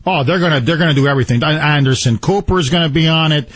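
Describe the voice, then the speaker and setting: High-voiced English radio host, blunt. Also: male voice, very fast, dry recording. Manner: blunt, sarcastic, opinionated. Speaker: radio talk show host. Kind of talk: call-in radio talk. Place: radio studio. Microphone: studio microphone.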